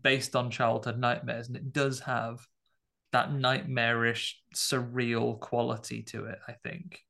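Podcast dude with a gravelly voice, slow and thoughtful film chat. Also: male voice, medium pitch, level tone, bright, forceful tone. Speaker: podcast co-host, film critic. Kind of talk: casual film review chat.

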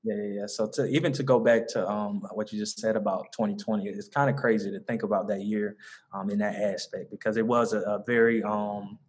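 A man's voice: on the low side, steady tone, fairly quick. A young man from the American South with a Southern accent, speaking earnestly in a casual interview as a mentoring organization founder, with many fillers and restarts. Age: young adult.

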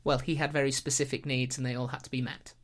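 A British woman hosts a casual podcast and tells a history story at a relaxed pace. Her humour is dry and wry, with little asides. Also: very deep voice, fast talker. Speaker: podcast host.

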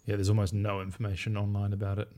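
A man's voice: fairly low pitch, monotone, fast, darkish tone. A young man co-hosting a casual podcast chat, making dry, wry asides with many ums. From New Zealand. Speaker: podcast co-host.

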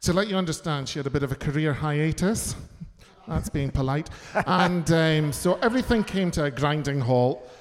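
A man chats as a guest, camp and bawdy, with a slightly raised voice. His stories tumble out quickly. A long reverb hangs around him from the venue. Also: fairly high pitch, lively intonation. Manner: camp, bawdy, rapid storytelling. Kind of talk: casual chat.

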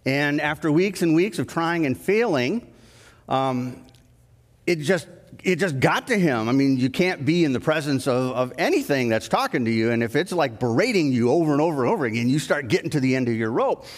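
A male pastor giving a sermon, telling stories in a conversational way that grows lively at the story's climax. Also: a little high, fairly quick. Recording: long reverb of a church hall.

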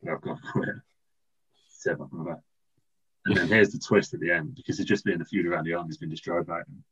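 A man co-hosting a casual podcast, rambling and laughing through a silly story pitch. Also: steady tone, fast, fairly bright tone, slightly rough, muffled recording. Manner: rambling, laughing, restarts, puts on silly voices in quotes. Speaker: podcast co-host. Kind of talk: casual comedic chat, pitching a wrestling storyline.

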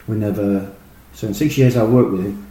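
A middle-aged man, a former footballer, telling animated, rambling stories full of fillers and restarts. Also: lowish voice, normal speed. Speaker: former professional footballer, guest. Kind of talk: casual anecdotal storytelling. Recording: roomy echo with faint noise.

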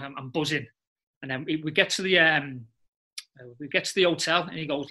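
A middle-aged man, a former footballer telling lively anecdotes in a casual interview and often laughing. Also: a little high, fast. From England.

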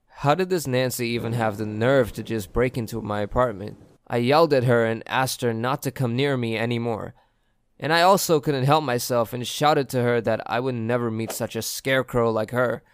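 A man reading a first-person story aloud as a steady, even storyteller. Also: medium pitch, smooth. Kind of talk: first-person scripted narration.

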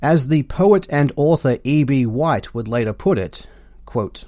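A man with an Australian accent hosting a comedic history podcast, delivering sarcastic, deadpan jokes. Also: mid-range voice, unhurried, dry recording, studio quality. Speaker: podcast host.

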